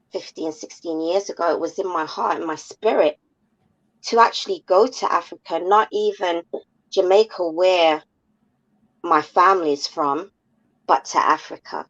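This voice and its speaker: A woman from the UK calls in to a livestream talk show. She speaks very slowly and reflectively in a lowish voice. Her call audio comes through dull and lo-fi. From United Kingdom. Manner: slow, measured and reflective. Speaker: caller.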